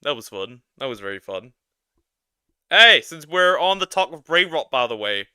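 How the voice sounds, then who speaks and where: A man streaming casual reaction commentary, laughing often and speaking in an animated way. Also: a little high, normal speed, smooth, dry recording, clean studio sound.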